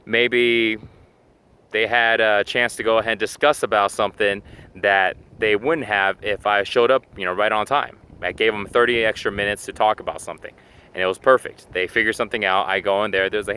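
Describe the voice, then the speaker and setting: Speaking at a moderate pace, this fitness and self-help host has a smooth voice on the low side, bright and forceful. His motivational talk to camera is relaxed and chatty, packed with "you know," and he plays out little everyday scenes in quoted asides as he explains.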